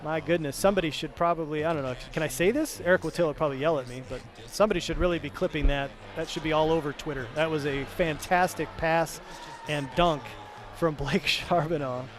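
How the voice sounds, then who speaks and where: A male play-by-play announcer with a fairly high pitch talks at a brisk pace in his postgame recap. He reels off player statistics in a chatty manner, fixing his own slips along the way.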